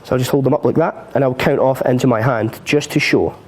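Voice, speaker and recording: Man, magic tutorial on a live stream, chatty, jokes at his own expense, laughs a lot, ordinary middle pitch. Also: quick pace. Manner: chatty and self-mocking, laughs often. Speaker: magic instructor.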